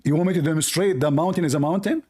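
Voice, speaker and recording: A man's voice: on the high side, very fast, mellow, breathy edge. A man hosting a live call-in debate, mocking and scornful toward the caller. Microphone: online call.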